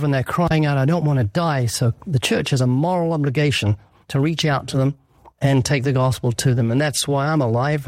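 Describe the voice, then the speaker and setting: A man's voice: mid-range voice, a little mellow, no room sound. A man speaking as an evangelist guest, earnest and emphatic, preaching and acting out short exchanges. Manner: earnest, emphatic, sermon-like with acted dialogue. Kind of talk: preaching in a radio interview.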